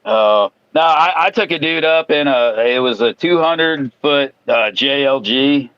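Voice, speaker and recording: A man's voice: medium pitch, unhurried, a bit bright, clear, resonant tone, no room sound, lo-fi sound. A man in casual podcast chat, boastful and profane, who laughs easily. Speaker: co-host.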